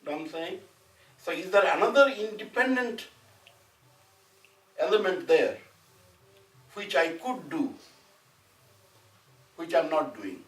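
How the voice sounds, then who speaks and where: A man's voice: a little high, lively intonation, slow, long pauses, a bit bright. Indian-born man teaching a class, echoey and distant. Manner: conversational, often asks "you know what I'm saying?". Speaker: Sanskrit teacher. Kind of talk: classroom lecture with discussion. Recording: echoey room, mic at a distance, faint noise.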